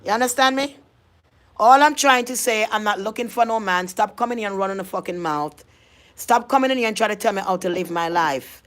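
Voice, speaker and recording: A woman's voice: medium pitch, fairly quick, fairly bright tone. An adult woman, ranting in a vlog monologue, emphatic and confrontational, often repeating herself. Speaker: vlogger.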